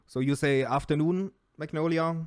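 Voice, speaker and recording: A man's voice: on the high side, normal speed, no room sound, clean studio sound. A man hosting a casual group call, asking questions in a playful, teasing way. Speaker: host. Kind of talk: casual chat.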